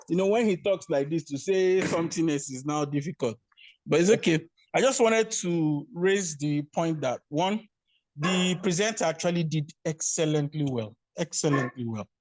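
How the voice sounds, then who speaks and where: A man's voice: fairly high pitch, moderate pace, darkish tone, dry recording. A man, a senior doctor, giving hesitant but corrective feedback in an online teaching session. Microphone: video call.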